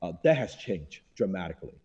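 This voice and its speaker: Emphatic male guest, mellow dull sound. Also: sits low, sing-song, fairly quick, breathy edge. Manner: emphatic, repetitive, blunt. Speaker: guest entrepreneur. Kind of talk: conversational interview.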